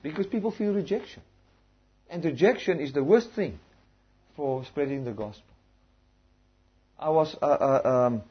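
A man preaching a sermon, telling stories and acting out his conversations with strangers. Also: fairly high pitch. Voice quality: very husky voice. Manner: animated storytelling, acting out conversations. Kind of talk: sermon on evangelism. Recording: dull lo-fi recording.

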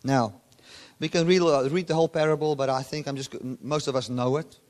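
A man preaching a sermon, often swinging his voice from loud, high emphasis to low, quiet asides. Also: fairly quick. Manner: animated preaching, voice rising and dropping sharply for emphasis. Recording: long hall reverb.

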